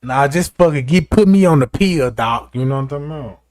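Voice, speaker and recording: A young man with a high and very lively voice tells a raunchy comic story, constantly checking in with the listener. His delivery is loose and profane, with big swings in his pitch. The sound is dry and close. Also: brisk, no room sound. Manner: animated, profane, keeps asking "you know what I'm talking about". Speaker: streamer telling a story. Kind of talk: comedic storytelling.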